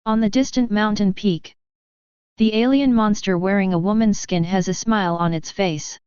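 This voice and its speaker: A woman reading a fanfiction audiobook in a steady storytelling manner. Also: mid-range voice, normal speed, smooth, dry recording. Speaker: audiobook narrator. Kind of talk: scripted narration. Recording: dry, dull lo-fi recording.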